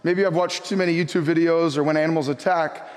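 A middle-aged man preaching a sermon and telling a personal story in an animated way, often repeating his words. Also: a little high, fast talker, big-room sound, noisy background. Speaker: pastor. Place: church sanctuary.

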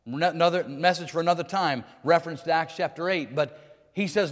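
A man's voice: fairly high pitch, brisk. A male pastor preaching a sermon, building to emphatic, rising declarations. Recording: long hall reverb.

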